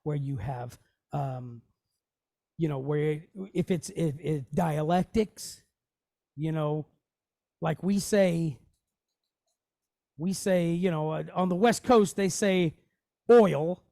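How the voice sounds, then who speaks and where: A man teaching a Hebrew lesson in a relaxed, conversational way, often checking in with his listeners. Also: fairly high pitch, takes it slowly, gravelly, pauses often, no echo, studio quality. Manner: conversational, checks in often with "okay?" and "you know". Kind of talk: casual teaching, explaining on screen.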